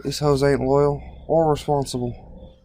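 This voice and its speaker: A man's voice: medium pitch, flat delivery, unhurried, noisy background. A man co-hosting a podcast, chatting casually and throwing in dry quips. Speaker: podcast co-host. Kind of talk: casual chat.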